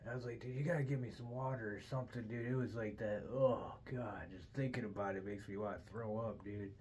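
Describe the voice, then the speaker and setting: A man's voice: fairly low pitch, steady tone, fairly quick, a little mellow, a little hiss or hum, poor audio. A middle-aged man hosting a podcast, rambling through a casual story with constant swearing and "dude". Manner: profane, says "dude" constantly. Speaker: podcast host.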